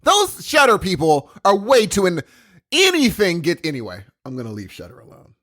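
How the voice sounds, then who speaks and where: Rambling man with wildly swinging pitch. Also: wildly swooping pitch, normal speed, a bit bright. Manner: rambling, says dude a lot. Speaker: podcast co-host. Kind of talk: casual chat.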